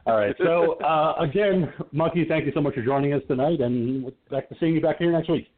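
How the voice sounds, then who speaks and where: A man's voice: on the high side, brisk. A man hosting a podcast, chatting casually about horror films and laughing often. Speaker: podcast host. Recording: phone-like call audio.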